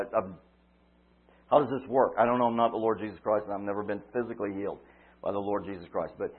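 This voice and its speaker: A man preaching a sermon, retelling a story dramatically, swinging from loud cries to quiet asides. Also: fairly low pitch, husky. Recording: tinny phone-like line.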